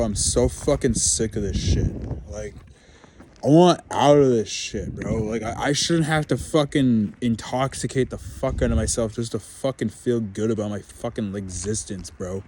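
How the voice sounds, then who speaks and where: A man's voice: medium pitch, darkish tone, a little hiss or hum. A young man ranting to the camera about being stuck at home, swearing constantly and piling up filler words in a frustrated, venting tone. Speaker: vlogger.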